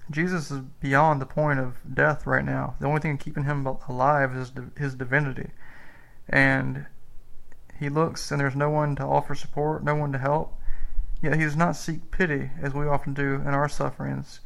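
A man giving a slow, earnest spoken meditation on the rosary mysteries as a preacher. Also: medium pitch, little pitch movement, vocal fry, a bit bright, rough recording.

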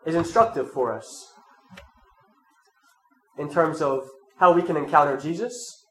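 A man with a cold and a nasal, congested voice, reading scripture and then giving a measured, reflective sermon talk. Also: on the high side, lively intonation. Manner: measured, reflective, with soft asides. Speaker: preacher leading an Advent talk series. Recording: roomy echo, faint ambient noise.

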